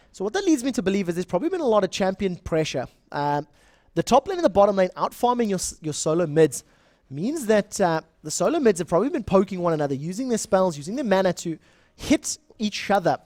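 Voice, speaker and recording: A young man with a South African accent doing live esports play-by-play, speeding up and getting louder in the big moments. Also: high voice, no echo. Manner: fast, excitable play-by-play that rises in big moments. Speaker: esports shoutcaster. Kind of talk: live game commentary.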